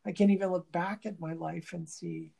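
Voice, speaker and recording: A woman's voice: lowish voice, steady tone, normal speed, creaky, warm tone. A woman workshop teacher talking in a reflective interview, thoughtful and searching for words, often restarting.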